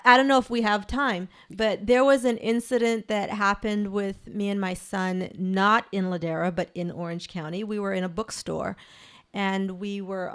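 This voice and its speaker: A woman from Belize, appearing as a guest author in a conversational interview, tells a personal story earnestly with many restarts. Her mid-range voice is clear with a resonant tone.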